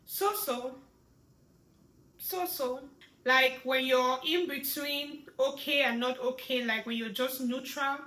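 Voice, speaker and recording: A woman teaching sign language, walking through each sign slowly and repeating words, checking in with "right?". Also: high-pitched, bright, forceful tone. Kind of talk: slow step-by-step lesson. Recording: echoey room.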